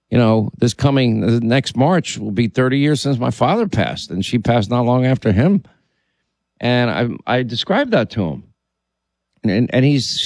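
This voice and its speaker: A man's voice: mid-range voice, a little mellow, no echo. Storytelling man, dry close sound. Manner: storytelling, with many restarts and quoted dialogue. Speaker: podcast host. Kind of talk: casual conversation.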